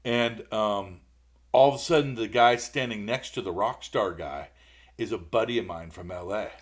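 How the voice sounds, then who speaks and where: A man's voice: fairly low pitch, moderate pace. A middle-aged man, a podcast co-host, telling a rambling story in casual chat and acting out what people said. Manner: rambling animated storyteller, acts out quotes.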